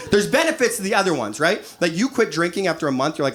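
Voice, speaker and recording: A man in his thirties performing a crude, animated stand-up comedy set on a club stage, acting out quoted voices. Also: on the high side, a little fast, slight background noise. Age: 30s. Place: comedy club stage before a laughing audience.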